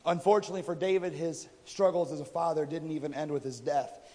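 A man's voice: on the high side, steady tone, fast, warm tone. A man preaching a sermon, retelling a story in a casual, conversational way and voicing the people in it. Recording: reverberant hall.

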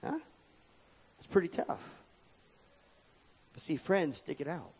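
A man delivers a sermon in a swooping, sing-song preaching cadence, his voice sitting a little high and leaping up and down. He reads verses aloud between points. The sound is dull and lo-fi, with a long reverb trailing off the walls of the hall. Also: very animated, slow, darkish tone, slightly rough. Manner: sing-song preaching cadence, rising and falling sharply, reading scripture aloud.

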